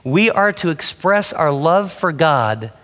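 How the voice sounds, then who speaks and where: A man's voice: fairly high pitch, sing-song, slow pace, fairly bright tone, long reverb tail. A man preaching a sermon with emphatic delivery, often asking his listeners questions. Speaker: pastor.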